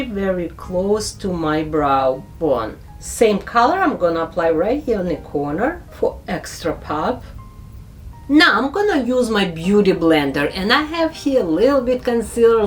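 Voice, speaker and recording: A woman narrating a makeup tutorial as a beauty vlogger, speaking slow, careful English with non-native phrasing. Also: mid-range voice.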